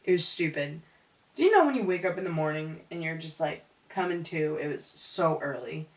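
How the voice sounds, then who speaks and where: A woman's voice: sits low, expressive, moderate pace. Young woman, laughing, slangy chat. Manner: laughs often, slangy and candid. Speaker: podcast co-host. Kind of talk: casual chat. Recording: echoey room, far from mic.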